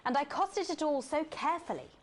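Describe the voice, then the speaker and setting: A woman's voice: sits high, lively intonation, brisk. An actress voicing a crude female TV talk show host with a Geordie accent, in a chirpy presenter patter. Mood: presenting.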